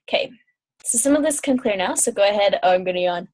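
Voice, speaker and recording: A woman's voice: mid-range voice, expressive, fast, a little mellow. A young adult woman guiding an intuitive healing session in a chatty, loose way, with fillers and yawns between points. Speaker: intuitive healer. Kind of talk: guided energy-clearing session.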